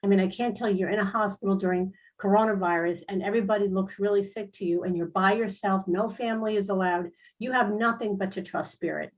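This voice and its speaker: A middle-aged woman tells personal stories on an online talk show, her pitch sitting in a middle range for a woman. She talks in a chatty, earnest way, with plenty of fillers and restarts, and sounds at ease as a spiritual guest speaker. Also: steady tone, quick pace, few pauses, highs cut off. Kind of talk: casual personal storytelling.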